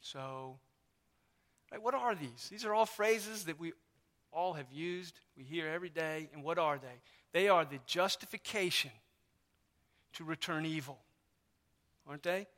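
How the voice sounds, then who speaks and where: A man's voice: on the high side, unhurried, pauses often, a bit bright. A man preaching a sermon as pastor in a church, in an emphatic, conversational way with lots of repetition. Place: church sanctuary. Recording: long reverb of a church hall.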